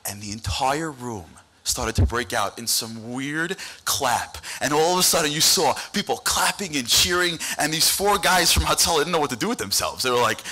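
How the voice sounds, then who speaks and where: A man giving an animated storytelling speech at a dinner event, acting out the people he quotes. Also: fairly high pitch, moderate pace, few pauses. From United States. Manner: animated, acts out quoted voices. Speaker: dinner speaker. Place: banquet hall event.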